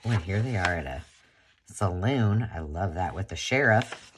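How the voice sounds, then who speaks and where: A woman's voice: rumbling low, expressive, normal speed, background noise. A woman hosting a crafting channel, chatting casually and gushing as she unboxes a gift.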